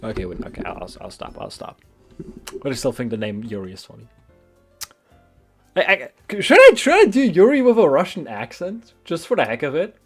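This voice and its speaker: A male gaming streamer talks over a game in loose, jokey commentary, tripping over his words. His voice is slightly high and very animated in pitch. Soft music plays faintly behind him. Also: a little fast, husky. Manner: stammering, rambling, jokey. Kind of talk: casual gameplay commentary. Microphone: desk mic with face cam.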